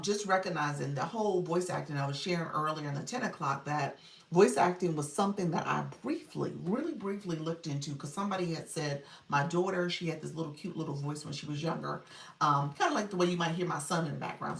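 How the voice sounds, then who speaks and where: A low, gravelly-voiced woman talks through a casual live stream, chatting with viewers and laughing easily. She sits back from the mic in an echoey room at home, so the sound is distant and roomy. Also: fast talker, a bit bright. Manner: chatty, laughs often, reads viewer comments aloud. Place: room at home, child heard in background. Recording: roomy livestream audio from off-mic.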